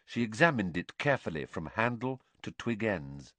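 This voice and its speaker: A middle-aged man narrating an audiobook in a measured, expressive way. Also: lowish voice, dry recording. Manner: expressive, measured, varied intonation.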